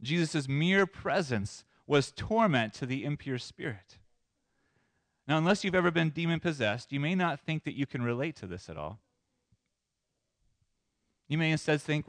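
Animated man preaching a sermon. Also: on the high side, moderate pace, pauses often, no room sound. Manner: animated, shifts between loud emphasis and soft asides. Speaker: pastor.

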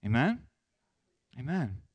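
A man pastor preaching a sermon in an animated way, moving between loud emphasis and soft asides. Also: mid-range voice, slow pace, dry recording.

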